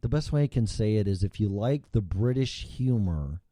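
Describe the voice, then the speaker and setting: A man's voice: fairly low pitch, expressive, moderate pace, dark tone, no echo, clean studio sound. A man hosting a casual chat show, rambling and swearing freely, with frequent restarts. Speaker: show host.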